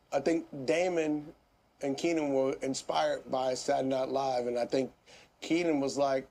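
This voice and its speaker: A comedian in his fifties, guesting on a casual interview, tells stories with a medium-pitched voice. He's animated, laughs often, and swears freely.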